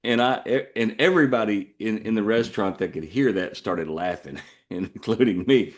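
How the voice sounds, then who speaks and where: Texan man, low-ish voice, folksy rambling storyteller with digressions. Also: moderate pace. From Texas. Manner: folksy, digressive, drawling asides. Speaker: podcast host.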